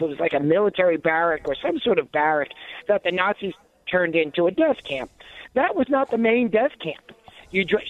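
A man's voice: sits high, no room sound, narrow, tinny audio. A man giving indignant, sarcastic talk radio commentary, with many restarts and asides.

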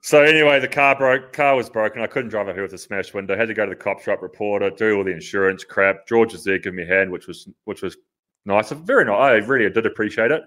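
A lower-voiced Australian man chatting on a podcast. He talks bluntly and plainly, with a casual swear here and there. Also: fast, fairly bright tone. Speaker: podcast co-host. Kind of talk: casual chat.

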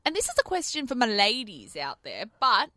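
A woman co-hosting a breakfast radio show, playful and teasing, quick to feign outrage. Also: fairly high pitch, huge pitch swings, pushed and bright, no room sound, studio quality. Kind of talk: casual radio banter. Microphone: studio microphone.

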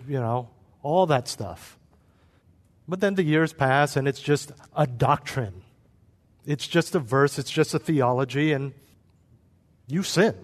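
Male pastor, sermon, fairly high voice, long reverb of a big church hall, acts out quotes.

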